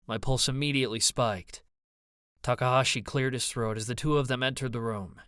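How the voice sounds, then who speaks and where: A man's voice: medium pitch, steady tone, moderate pace, fairly bright tone, clean tone, dry recording, clean studio sound. A man narrating an audiobook in first person, with a brooding, introspective manner.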